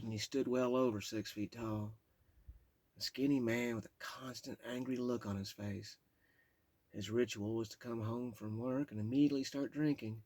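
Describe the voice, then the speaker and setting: A husky, low-pitched man reads aloud from his own memoir. His delivery is blunt and profane, and he stumbles and breaks off when the memories get to him. The recording is close and dry. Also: a little mellow, no echo. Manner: raw, profane, halting when overcome. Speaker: memoir author reading aloud. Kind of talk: reading his memoir aloud with emotional asides.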